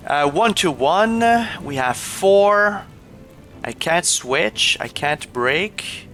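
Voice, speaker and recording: Bright-voiced Quebec French streamer man. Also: on the high side, expressive, very slow, faint music behind. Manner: chatty, laughs often, shifts into playful French voices. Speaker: game streamer. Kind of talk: casual stream chat while playing.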